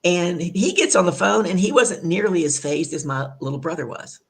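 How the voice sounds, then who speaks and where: A woman hosting an online talk show, telling a family story in a lively, chatty way, with many asides, over a video call. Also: lowish voice, moderate pace. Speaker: show host. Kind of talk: conversational storytelling.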